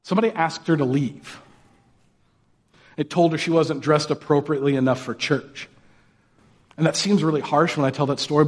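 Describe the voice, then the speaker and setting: A man preaching a sermon as pastor, talking casually and asking the congregation rhetorical questions. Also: fairly high pitch. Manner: conversational, rhetorical questions, mocking put-on voices for quotes.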